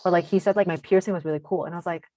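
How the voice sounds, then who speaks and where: A teenage girl with a deep voice, chatting casually as a podcast co-host and telling a story, full of fillers and switching into Cantonese now and then. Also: fairly even intonation, racing, mellow, no room sound. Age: teens. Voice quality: deep voice for a woman.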